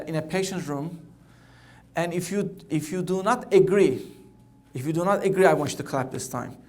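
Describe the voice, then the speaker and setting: A middle-aged man, an oncologist, giving a conference keynote in a conversational, halting way, often repeating words. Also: high voice.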